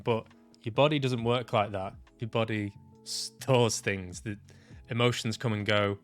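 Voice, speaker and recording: A man vlogging about his own experience, reflective and halting, often restarting his sentences and swearing casually. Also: lowish voice, steady tone, soft background music. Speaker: vlogger sharing personal experience. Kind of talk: reflective personal vlog monologue.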